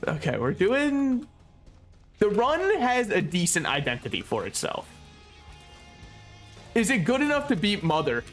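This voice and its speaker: A man's voice: sits high, huge pitch swings, unhurried, pauses often, a bit bright. A young man streaming a game, talking casually with a joking, sarcastic manner and frequent laughter. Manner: joking, sarcastic, laughs often, swears freely. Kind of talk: casual gameplay commentary. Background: faint game music.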